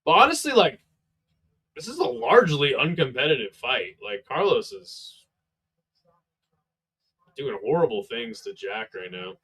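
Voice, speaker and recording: A man's voice: medium pitch, very animated, measured pace, long pauses, bright, forceful tone, breathy edge. A sleepy man calls a fight on a live stream in a casual, laid-back way and swears freely. His voice sits in a middling range and sounds worn out. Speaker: livestream fight commentator. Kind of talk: casual live play-by-play commentary.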